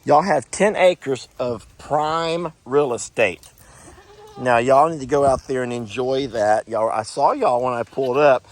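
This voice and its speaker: A man's voice: mid-range voice, unhurried. A middle-aged man talking casually to the camera and cooing at his animals outdoors on a farm. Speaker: farm vlogger.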